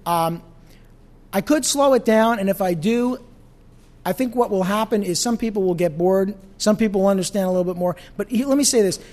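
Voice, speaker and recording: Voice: medium pitch, brisk, a little mellow. A pastor teaching an evening Bible study in a conversational way, often asking the audience questions.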